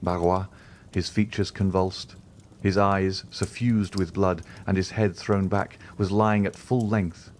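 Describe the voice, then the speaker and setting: Man narrating an audiobook, lowish voice, steady and measured. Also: slight background noise. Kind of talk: scripted narration.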